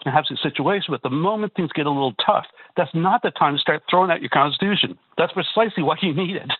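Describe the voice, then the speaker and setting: A man's voice: a little high, slightly rough, no echo. A man from Canada calling in to a radio talk show, talking emphatically with repeated words and rhetorical asides. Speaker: caller. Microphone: telephone. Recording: tinny phone line.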